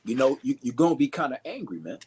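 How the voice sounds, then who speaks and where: A man preaching with passion who acts out quoted shouts, repeats phrases and keeps saying "you know" and "man.". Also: mid-range voice, big pitch swings, fast talker, slight background noise. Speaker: fellow preacher. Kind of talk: impassioned street preaching.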